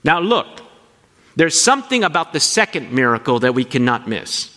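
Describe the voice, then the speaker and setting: Animated male preacher in a reverberant hall. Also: fairly high pitch, normal speed. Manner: animated, asks the congregation questions. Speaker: pastor. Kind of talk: sermon.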